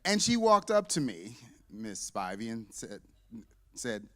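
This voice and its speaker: A man in his fifties tells a funny church testimony, jumping into the voices of his own story as he goes. His voice is of middling pitch. It rings with the long reverb of a big sanctuary. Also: slow pace. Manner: lively, joking storyteller who acts out dialogue. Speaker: church deacon and visiting parent. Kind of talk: humorous testimony to a congregation.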